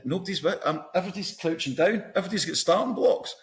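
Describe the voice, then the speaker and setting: A middle-aged Scottish man, a podcast guest, chatting casually and telling animated stories. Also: a little high, fast. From Scotland. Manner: storytelling, animated anecdotes. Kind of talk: casual chat.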